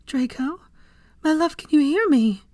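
A distraught young woman with a raised, quivering voice, as a woman reads her out, begging through tears. Her breathy pleas sink at times almost to a whisper. The room is dry and close. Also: high-pitched, brisk, a little mellow, no room sound, pitched above the performer's own voice, natural voice. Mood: tearful pleading. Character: tearful young woman pleading over her wounded love.

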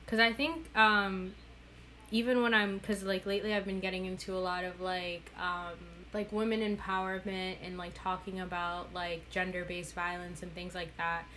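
A woman's voice: on the low side, flat delivery, moderate pace, bright, forceful tone, slight background noise. A young adult woman, a guest and activist on a podcast, speaking earnestly and reflectively with many "like" fillers in casual conversation.

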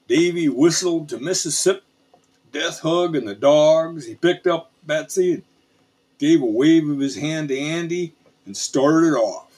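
A man narrating a frontier tall tale in a folksy, unhurried storytelling manner. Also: a little high, a little mellow, husky.

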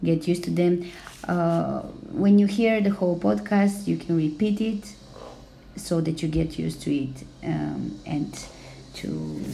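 Slow, gravelly-voiced woman teaching. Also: sits low, mellow. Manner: slow and careful, many "uh" fillers. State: recovering voice, slightly hoarse. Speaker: language teacher. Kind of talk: slow podcast lesson.

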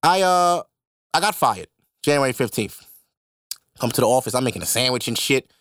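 A young man hosting a podcast, telling a personal story in a casual, animated and profane way. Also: medium pitch, normal speed, no echo, studio quality. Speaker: podcast host.

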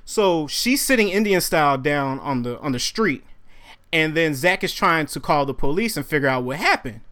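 Young guy telling a wild story on a podcast, kinda high voice, does all the voices. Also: moderate pace. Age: young adult. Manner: animated storyteller acting out quotes. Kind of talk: casual storytelling chat.

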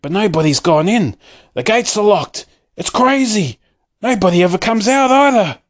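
A man voicing excited shouting townsfolk in a storybook reading. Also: fairly high pitch, fairly quick, breathy edge, voice pushed up, heavily acted.

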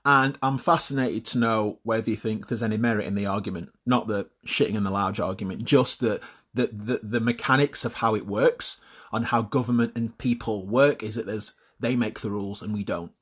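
Husky-voiced, blunt man. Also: on the low side, moderate pace, a bit bright. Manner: blunt, swears freely, repeats words while thinking. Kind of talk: opinionated solo monologue.

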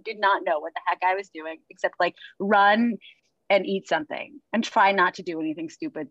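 A woman's voice: mid-range voice, dry recording, muffled recording. Chatty New woman coach telling stories. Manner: chatty storyteller, laughs often, acts out quotes. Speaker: running coach and podcast host. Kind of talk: casual chat.

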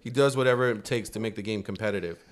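A man hosting a podcast, explaining sports bets in a relaxed, casual chat. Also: on the low side, quick pace. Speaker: podcast host.

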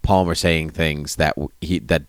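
A man with a very low voice chats casually about a TV show, recorded close and dry. He talks in a jokey, animated way and slips into silly bits. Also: measured pace, dry recording. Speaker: podcast co-host. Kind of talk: casual TV recap chat.

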